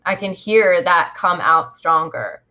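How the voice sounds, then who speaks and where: A woman co-hosting a casual podcast interview, unhurried and hesitant with fillers. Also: on the low side, expressive. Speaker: podcast co-host. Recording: muffled lo-fi audio.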